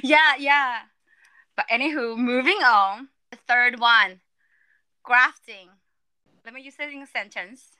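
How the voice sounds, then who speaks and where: A woman's voice: on the high side, slow pace, long pauses, bright, forceful tone, clean tone, dry recording. A woman hosting a casual chat, animatedly explaining slang. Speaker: podcast host.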